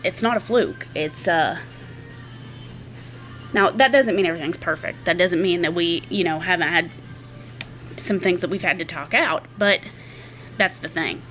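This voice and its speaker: Candid woman talking low and steady. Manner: candid, repeats words while thinking aloud. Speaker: vlogger. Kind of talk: personal talk to camera.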